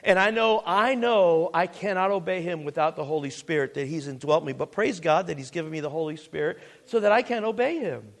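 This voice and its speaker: A man's voice: a little high, a little fast, few pauses. A man preaching a sermon as pastor, earnest and full of restarts and asides.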